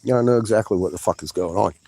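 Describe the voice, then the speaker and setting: A man's voice: on the low side, very fast, gravelly, warm tone, husky, low-quality recording. A man giving a rambling vlog monologue outdoors, swearing often and sounding agitated as he exclaims. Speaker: vlogger. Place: outdoors in a yard.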